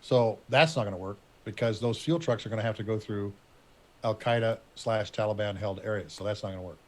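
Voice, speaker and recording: A man in middle age tells a war story at an easy, conversational pace. His voice sits a little low. He wanders through the details and stops now and then to search for names. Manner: rambling, conversational, pauses to recall names. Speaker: retired Air Force officer telling a war story. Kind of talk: casual storytelling.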